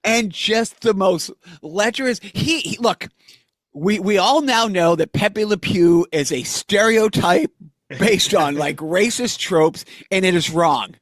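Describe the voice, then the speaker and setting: A man co-hosting a podcast, telling lively stories in casual chat. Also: high-pitched, takes it slowly, dry recording, studio quality. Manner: lively storytelling. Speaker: podcast co-host.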